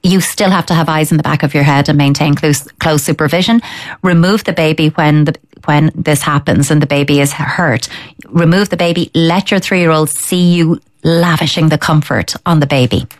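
Woman, low register, steady expert giving parenting advice. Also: normal speed. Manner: calm, firm, explains with acted-out child thoughts. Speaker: parenting expert answering listener letters. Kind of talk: advice on a radio or podcast show.

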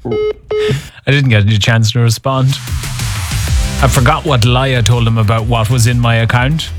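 A man's voice: medium pitch, steady tone, normal speed, over music. A man hosting an evening radio show, telling a wry story in a casual, chatty way. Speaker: radio host. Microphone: studio microphone.

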